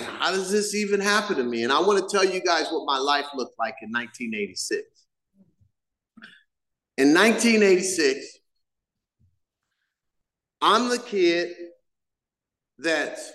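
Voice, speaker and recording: A man's voice: on the high side, pushed and bright. A middle-aged man giving his personal recovery testimony to a live meeting, telling it loosely and acting out the voices of the people in his story. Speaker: main speaker at a recovery meeting. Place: church meeting hall. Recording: echoey meeting hall.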